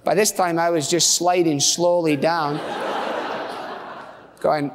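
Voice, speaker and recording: A man's voice: a little high, fairly even intonation, takes it slowly, long pauses. A middle-aged male pastor preaching a sermon in a conversational, storytelling way with casual asides. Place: church. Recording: long church reverb.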